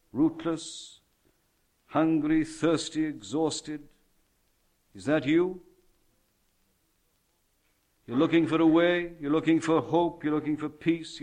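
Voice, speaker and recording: A man preaching a sermon, alternating loud proclamations with slow, hushed, tender passages and emphatic repetition. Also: fairly high pitch.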